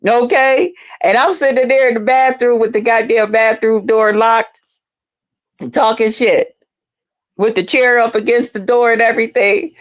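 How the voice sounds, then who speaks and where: In a casual vlog, a woman with a slightly high voice tells her viewers a story at a measured pace. She keeps it animated, cursing freely and calling everyone "y'all."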